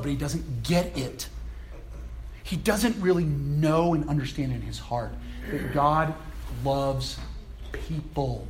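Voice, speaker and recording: A male pastor preaching a sermon in a conversational, animated way, with playful asides, at a church service. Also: a little high, slow, a little hiss or hum.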